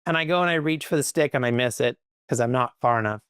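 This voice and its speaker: A man, a podcast guest, telling stories in a lively conversational way, full of "like" and "right?". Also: medium pitch, clear, resonant tone, no echo, studio quality. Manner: animated, quick, peppered with "like" and "right?". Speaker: podcast guest, company leader. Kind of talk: conversational storytelling.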